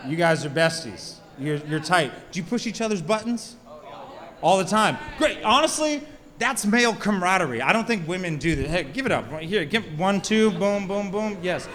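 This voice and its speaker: Millennial comic man, high-pitched, crowd work, loud laughing house, long reverb. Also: lively intonation, normal speed. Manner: crude, self-mocking, chatty with the crowd. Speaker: stand-up comedian. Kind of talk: stand-up set. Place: comedy club stage. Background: audience laughter.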